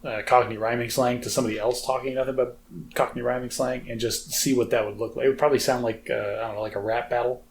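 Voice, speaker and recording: A man's voice: mid-range voice, level tone, quick pace, creaky, slight background noise. A man co-hosting a podcast in casual chat, wry and teasing. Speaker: podcast co-host.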